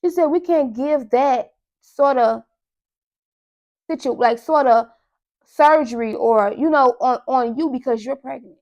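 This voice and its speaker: High-voiced woman telling a story. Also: measured pace, lo-fi sound. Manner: animated storytelling, addresses listeners as y'all. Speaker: podcast host. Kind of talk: casual monologue.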